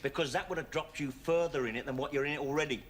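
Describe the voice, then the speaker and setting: A man's voice: on the high side, quick pace, slight background noise, natural voice. Fletcher, a man playing a cocky convict. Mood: coaxing. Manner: chatty, streetwise, coaxing. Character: wry cocky middle-aged London convict. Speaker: prisoner. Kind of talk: 1970s TV sitcom acting.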